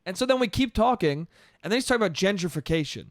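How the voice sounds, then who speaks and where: A New York podcast host with a high, expressive voice rants fast through a story on his solo comedy show. Exasperated, he swears freely and says "dude" again and again, recorded dry and close with no room echo.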